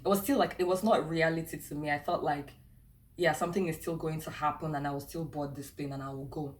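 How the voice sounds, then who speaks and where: Animated Nigerian woman telling a story. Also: deep voice, fast talker. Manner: chatty and animated, many fillers and laughs. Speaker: travel vlogger. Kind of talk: casual storytime.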